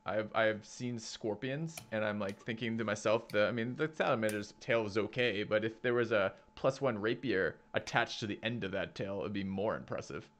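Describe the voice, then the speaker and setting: A man's voice: lowish voice, normal speed, hardly any pauses. A young man playing a tabletop game, joking around and restarting his sentences often. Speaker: player. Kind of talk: casual tabletop game chat.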